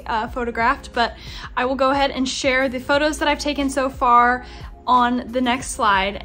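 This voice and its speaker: A small-business yarn dyer gives a chatty vlog tour of her craft studio, sprinkling in lots of "um" and "like." Her voice is high and a little bright.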